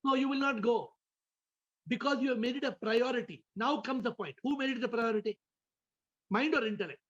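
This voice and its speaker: A man's voice: very high-pitched, a little fast, fairly bright tone, dull audio. A man, a spiritual teacher, giving a question-and-answer talk over a video call, often repeating words and asking listeners questions.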